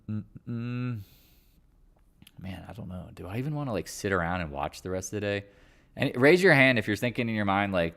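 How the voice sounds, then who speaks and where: A man's voice: low-pitched, a bit bright. A man hosting a live market stream in a rambling, joking, offhand way, with the odd swear. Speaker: stock market livestream host. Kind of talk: casual live market chat.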